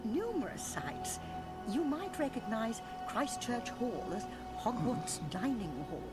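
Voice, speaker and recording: A prim, dry librarian. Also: female voice, a little high, sing-song, slow. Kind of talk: recorded game dialogue. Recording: game audio with music behind.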